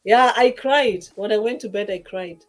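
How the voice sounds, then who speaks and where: A woman's voice: medium pitch, normal speed. A woman speaking as a livestream guest, effusive and emotional, laughing often and using many fillers in casual chat. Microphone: remote streaming call.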